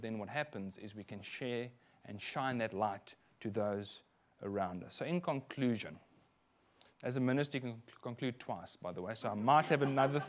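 A middle-aged man from South Africa with a South African accent, preaching a sermon as a minister and telling lively personal stories with frequent asides. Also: mid-range voice.

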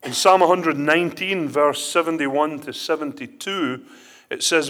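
A man's voice: on the high side, moderate pace, a bit bright. A man preaching a sermon, telling illustrations and reading scripture with rising emphasis.

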